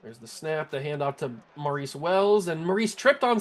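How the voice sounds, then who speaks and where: A man with a fairly high voice talks through his video game as he plays. He is excitable, laughs often and breaks into disbelieving yells when the game glitches. Faint music plays underneath. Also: moderate pace. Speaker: gaming channel host. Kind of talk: video game play-by-play commentary.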